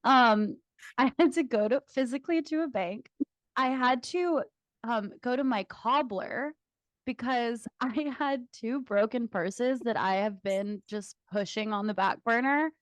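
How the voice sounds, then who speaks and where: A woman's voice: a little high, unhurried, dry recording. Young woman, podcast co-host, chatty, giggly, dry close sound. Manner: laughs often, chatty storytelling with swearing. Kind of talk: casual chat.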